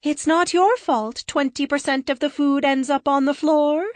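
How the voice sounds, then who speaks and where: A woman voicing a gentle, literal-minded blonde alien woman who speaks softly and slowly. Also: high voice, fairly even intonation, no room sound, pitched above the performer's own voice, lightly acted. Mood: reassuring.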